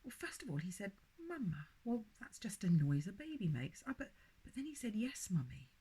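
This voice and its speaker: Woman playing an excited mother, rushing, high, breathy, storybook.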